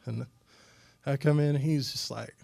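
A man's voice: medium pitch, moderate pace, gravelly. A young man speaking as a youth pastor to a group, telling a personal story in a loose, conversational sermon, full of fillers like "you know". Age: young adult. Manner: animated and conversational, many fillers.

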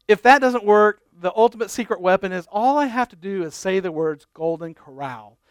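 A man's voice: high-pitched, fairly bright tone, clear, resonant tone, dry recording, clean studio sound. A middle-aged man preaching, telling an exasperated family story and acting out the dialogue. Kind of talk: sermon illustration storytelling.

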